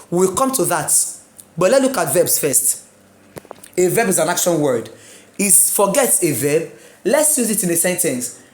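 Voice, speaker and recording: A woman teaching a pronunciation lesson for exams, drilling example words slowly and checking in with viewers. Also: lowish voice, a little mellow, reverberant. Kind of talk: exam-prep English lesson.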